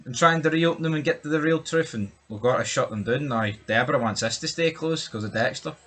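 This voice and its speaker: A man's voice: fairly high pitch, fast talker, fairly bright tone. A man co-hosting a TV review podcast, bantering casually with crude jokes and what-if musings. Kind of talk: casual chat.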